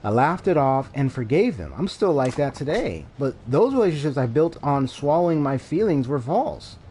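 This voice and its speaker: A man voicing a timid, gentle young female dominatrix in a video game, speaking softly and apologetically. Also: fairly high pitch, big pitch swings, moderate pace, a little hiss or hum. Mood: earnest. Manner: soft, apologetic, hesitant.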